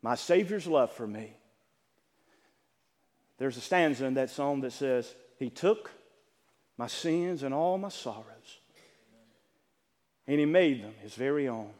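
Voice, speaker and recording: A male pastor preaching a sermon with dynamic delivery, swinging from loud, impassioned lines to hushed ones. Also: medium pitch, animated, slow, long pauses. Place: church sanctuary. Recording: church hall reverb.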